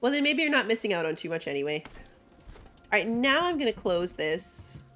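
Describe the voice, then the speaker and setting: A woman's voice: medium pitch, sing-song, normal speed, a bit bright, faint music behind. A woman streamer casually talking through a city-building game and chatting with her viewers, laughing often. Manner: chatty, reads chat aloud, laughs often. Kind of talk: casual gameplay commentary.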